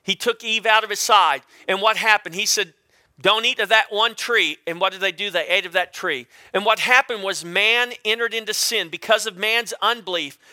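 A man's voice: high voice, normal speed, sharp tone, dry recording, studio quality. A man preaching a sermon as pastor, rising and falling for emphasis and calling out to the congregation.

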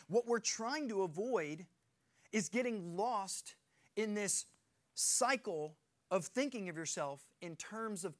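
A man's voice: sits high, a bit bright. A middle-aged man preaching a sermon as pastor, earnest and emphatic, pressing his points harder as he goes.

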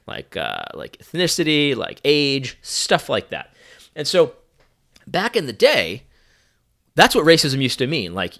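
Animated, sarcastic young man ranting. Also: medium pitch. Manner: sarcastic, animated, many restarts. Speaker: commentator. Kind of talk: opinion monologue.

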